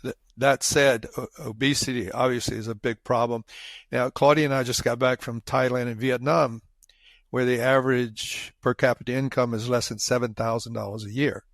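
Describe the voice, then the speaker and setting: A man co-hosting a health podcast in a casual, halting way, often restarting his thoughts. His voice has a gravelly, creaky edge at a medium pitch. The sound is close and dry. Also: steady tone, dry recording. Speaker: podcast co-host. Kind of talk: casual chat.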